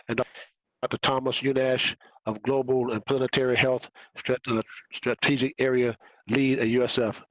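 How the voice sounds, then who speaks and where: A man chairing a county meeting, brisk and procedural as he calls on speakers. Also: medium pitch, no echo. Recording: dull lo-fi sound.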